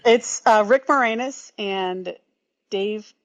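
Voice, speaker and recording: A woman's voice: mid-range voice, takes it slowly, crowd noise. A woman calling in to a live podcast, bubbly and laughing, full of "like" and playful quotes. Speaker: caller. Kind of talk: casual call-in chat. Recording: muffled call-in audio.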